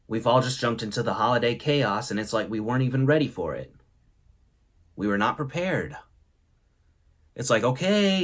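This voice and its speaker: A man's voice: medium pitch, a bit bright. A man hosting a comedy show, delivering corny jokes and a monologue with a playful, theatrical manner. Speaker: host. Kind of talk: comedic joke-telling monologue.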